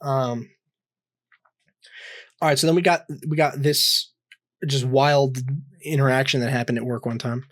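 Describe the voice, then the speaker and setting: A man's voice: medium pitch, fairly even intonation, unhurried, pauses often, fairly bright tone, no echo. A young man co-hosting a podcast, telling a story in a rambling, casual way with lots of fillers, restarts and swearing. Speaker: podcast co-host.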